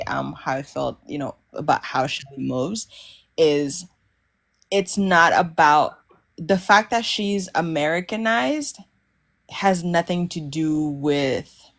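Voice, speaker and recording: A woman on a live podcast panel, speaking thoughtfully and hesitantly, with frequent fillers and restarts. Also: sits low.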